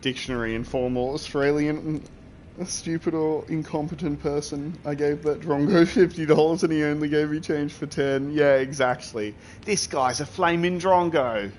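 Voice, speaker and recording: A man's voice: a little high, fairly even intonation, normal speed, a little mellow, a little hiss or hum. A young man chatting casually while streaming a video game, rambling and reacting to his chat with laughter and the odd swear.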